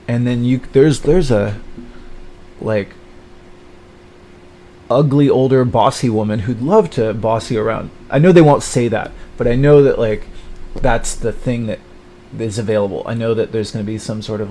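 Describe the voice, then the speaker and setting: A man rants bitterly in a rambling livestream monologue. His voice is dark and mellow, and he keeps stalling on fillers and restarts. A faint hiss sits under the recording. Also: moderate pace. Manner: mocks others in high put-on voices.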